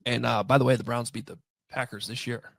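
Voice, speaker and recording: Gravelly-voiced male podcast co-host. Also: medium pitch, fairly even intonation, brisk, no echo. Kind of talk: casual podcast chat.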